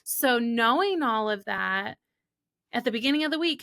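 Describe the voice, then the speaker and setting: Candid, animated woman podcast guest. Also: a little high, creaky. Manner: animated, quick and candid, acting out quoted remarks. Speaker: guest, holistic business coach. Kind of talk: casual podcast conversation.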